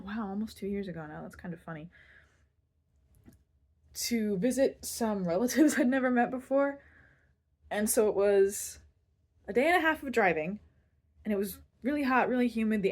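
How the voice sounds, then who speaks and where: A young woman vlogger telling a personal story in a candid, self-deprecating way, rambling a little and restarting her sentences. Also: mid-range voice.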